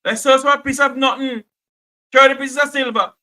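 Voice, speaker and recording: High, bright Jamaican man ranting on air. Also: steady tone, a little fast. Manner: impassioned, repetitive, keeps cutting in with "hold on". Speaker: radio talk show host. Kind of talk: call-in radio talk.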